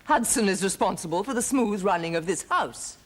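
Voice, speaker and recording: A woman's voice: medium pitch, animated, a little fast, slight background noise, natural voice. An actress playing a commanding aristocratic lady. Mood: stern. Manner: commanding, formal, then gently consoling. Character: firm, kindly aristocratic lady of the house. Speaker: mistress of the household. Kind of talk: period television drama.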